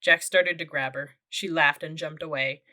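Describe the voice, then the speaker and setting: A woman narrating a children's audiobook with steady, clear storytelling. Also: low voice, normal speed.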